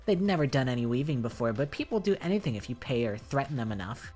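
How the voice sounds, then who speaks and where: A woman's voice: a bass voice, animated, quick pace, dark tone, soft background music. A woman voicing a snobbish rich teenage girl with a haughty valley girl drawl, reading game dialogue.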